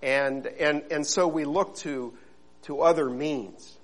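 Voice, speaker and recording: A man's voice: on the high side, takes it slowly, poor audio. A male pastor giving a sermon, talking earnestly and conversationally, with frequent fillers and restarts. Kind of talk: sermon with opening prayer.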